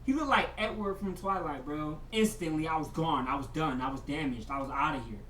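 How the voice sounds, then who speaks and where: A vlogger telling a story in slangy casual chat, saying "bro" a lot, moving between mumbled asides and loud excited bursts. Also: medium pitch, brisk, distant mic. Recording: echoey room, voice from off the mic, faint hiss.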